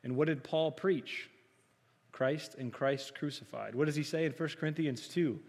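Soft-spoken preacher in a reverberant hall. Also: male voice, on the high side, moderate pace. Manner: rhetorical questions to the congregation, loud emphatic quotes; self-described soft-spoken, trying to project. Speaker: pastor. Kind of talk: sermon. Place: church sanctuary.

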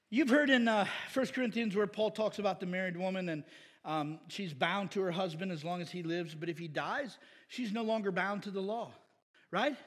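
A man pastor preaching a casual, animated sermon in a church, with shouted bursts. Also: sits high, normal speed, husky, big-room sound. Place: church sanctuary.

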